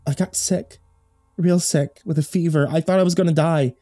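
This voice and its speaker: A man's voice: steady tone, normal speed, warm tone. A man voicing a frantic teenage girl who survived among the dead, pleading and breathless. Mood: grim. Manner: breathless, pleading, high-pitched cries.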